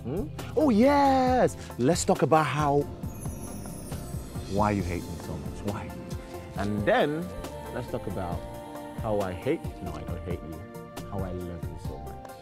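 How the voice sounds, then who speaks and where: A man's voice: lowish voice, wildly swooping pitch, unhurried, pauses often, over music. A man playing a flamboyant, teasing flirt. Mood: flirtatious. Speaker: flirting suitor. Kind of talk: film drama acting.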